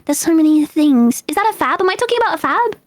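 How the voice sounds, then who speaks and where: High-voiced chatty British woman. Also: animated, fast talker, no room sound. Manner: chatty, rambling, laughs often. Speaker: host. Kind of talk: casual chat.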